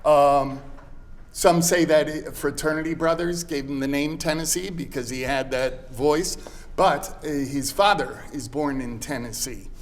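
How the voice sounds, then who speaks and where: A man's voice: a little high, a little slow. A man, an actor, talking earnestly about his one-man play with some fillers. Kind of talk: interview, reading a letter aloud.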